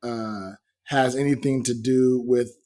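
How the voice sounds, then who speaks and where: A man's voice: medium pitch, steady tone, slow, dark tone. A man co-hosting a podcast, chatting casually and laughing often as he jokes around. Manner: laughs often, playful, trails off. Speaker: podcast co-host.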